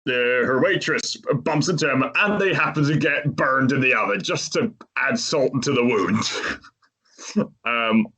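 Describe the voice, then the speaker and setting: A man's voice: mid-range voice, pushed and bright. Man chattily recapping a movie. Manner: chatty, laughs often while retelling scenes. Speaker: podcast host.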